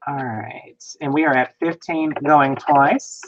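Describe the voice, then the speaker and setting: A co-host calling bids in a casual online jewelry auction, brisk and quick with the bid calls. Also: medium pitch, fairly even intonation. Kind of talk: casual livestream chat. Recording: dull lo-fi livestream audio.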